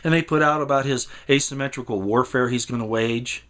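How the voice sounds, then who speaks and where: A man giving an impassioned monologue, emphatic and rambling, repeating words and swinging between raised and lowered delivery. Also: fairly quick, fairly bright tone. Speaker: commentator.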